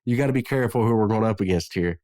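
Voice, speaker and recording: A man's voice: lowish voice, very fast, mellow, no room sound, studio quality, lightly acted. A man voicing a smug male tobacco company president who warns his men, in a raised, cocky voice as he retells a cartoon scene. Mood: warning.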